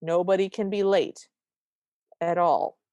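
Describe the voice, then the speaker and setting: A woman's voice: fairly low pitch, takes it slowly, dry recording, muffled recording. A woman co-hosting a podcast, retelling a movie scene by scene in casual chat and acting out the characters' lines. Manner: animated retelling with quoted lines. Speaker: podcast co-host.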